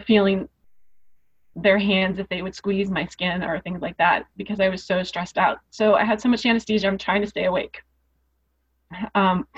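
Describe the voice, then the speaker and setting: A woman telling her own story as a guest in an interview. She speaks earnestly and emotionally, repeating phrases for emphasis. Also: mid-range voice. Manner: emotional, rising intensity. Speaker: podcast guest. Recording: dull lo-fi podcast audio.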